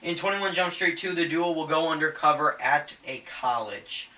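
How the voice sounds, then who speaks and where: Male movie vlogger, eager and rambling, crisp bright tone, roomy echo. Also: a little high, moderate pace, recorded from a distance. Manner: rambling, many fillers and restarts; enthusiastic. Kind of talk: casual news commentary. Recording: echoey room, voice set back from the mic, faint ambient noise.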